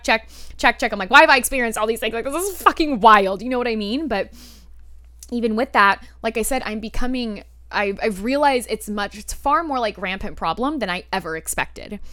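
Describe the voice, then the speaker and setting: A woman hosting a podcast, telling a personal story in a candid, animated way and swearing freely. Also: medium pitch, dry recording. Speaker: podcast host. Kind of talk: casual storytelling monologue.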